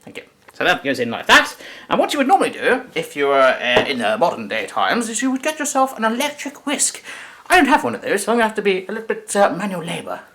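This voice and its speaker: A man's voice: sits high, huge pitch swings, fast talker, sharp tone, slight background noise. A man hosting a comic in-character cooking demo, jokey and rambling with self-correcting asides. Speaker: cooking video host.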